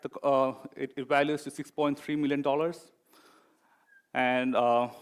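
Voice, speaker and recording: A man presenting as a project manager in a corporate talk, pausing often with fillers. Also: fairly high pitch. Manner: hesitant, many fillers.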